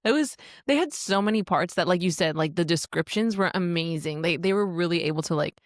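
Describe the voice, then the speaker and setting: Woman co-host, kinda low voice, excited book talk, swears a lot, dry close sound. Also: a little fast, no room sound. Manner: enthusiastic, swears casually, laughs often. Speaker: podcast co-host. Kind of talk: casual book chat.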